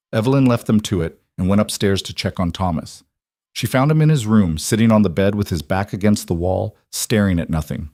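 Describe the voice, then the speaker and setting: A male narrator reads a western story in an even, measured way. His voice is low and the recording is dry and close, with no room sound. The delivery is steady and scripted throughout. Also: no echo.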